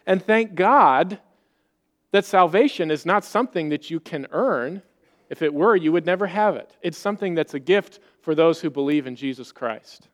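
High-voiced man preaching earnestly. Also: lively intonation, normal speed. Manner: earnest, conversational preaching with rhetorical questions. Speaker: pastor. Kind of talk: sermon.

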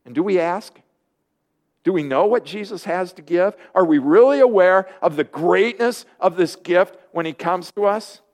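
A man preaching a sermon, lively and earnest, often acting out the voices of people he quotes. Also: high voice, normal speed. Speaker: pastor.

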